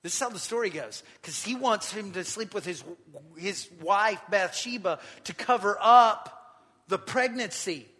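Man, pastor, high bright voice, animated sermon storytelling, long hall reverb. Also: measured pace, breathy edge. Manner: animated storytelling, acting out quotes.

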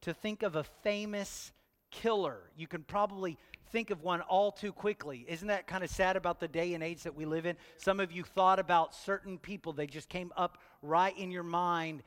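High-voiced pastor, playful, church hall reverb. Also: male voice, steady tone, normal speed, a bit bright. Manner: playful, talks straight to the congregation with questions. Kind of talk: sermon.

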